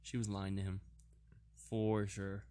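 Low-voiced man, playful banter. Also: completely flat delivery, mellow, clear, resonant tone, no echo. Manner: playful, teasing, quick questions. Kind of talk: casual chat, improvised rhyming.

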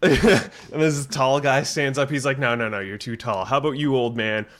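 A man's voice: medium pitch, fairly even intonation, moderate pace, a bit bright. A man co-hosting a casual film review podcast, retelling scenes in a rambling way full of fillers and acting out the characters' lines. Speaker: podcast co-host reviewing films. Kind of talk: casual chat.

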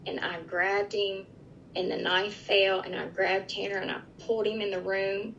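A woman's voice: medium pitch, level tone, normal speed, gravelly, fairly bright tone, a little hiss or hum. A middle-aged woman recounting a personal experience in an interview, earnest and vivid, often restarting her sentences. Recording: dull lo-fi recording.

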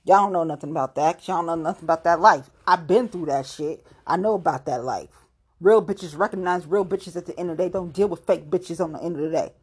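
A woman's voice: lowish voice, fast, breathy edge. A woman from Ohio, a local political activist, delivering a blunt, profane, confrontational rant to the camera. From Ohio, USA.

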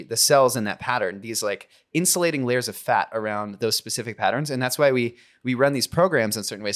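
A man in relaxed podcast conversation, thinking out loud in long rambling sentences that often trail off. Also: mid-range voice. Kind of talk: casual conversation.

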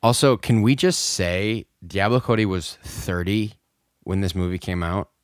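A man with a low voice speaks earnestly on a film podcast, often stumbling and restarting his sentences. The sound is dry and close, with no room to it. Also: clean tone, no echo. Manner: halting, many restarts, earnest. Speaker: podcast co-host. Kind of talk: casual podcast chat.

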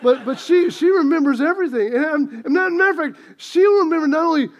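Middle-aged pastor guy, really high voice, chatty and self-deprecating, jokey story in a sermon. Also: animated, quick pace. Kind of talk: sermon with a humorous personal story.

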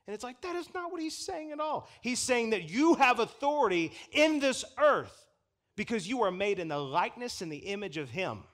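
A man preaching a sermon from the pulpit, animated and chuckling as he acts out the people he quotes. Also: very high-pitched, moderate pace. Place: church pulpit.

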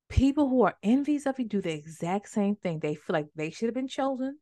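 A woman teaching the Bible on a podcast, animated and conversational, repeating words for emphasis. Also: fairly high pitch, fairly quick, hardly any pauses.

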